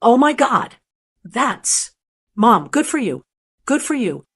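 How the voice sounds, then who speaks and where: A woman's voice: fairly high pitch, sing-song, slow, husky, heavily acted. A woman voicing a fierce protective grown daughter. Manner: urgent and emphatic.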